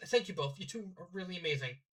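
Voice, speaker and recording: A man voicing a shy young girl who speaks softly and timidly. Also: sits high, animated, fast. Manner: soft and timid. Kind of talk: fanfiction reading.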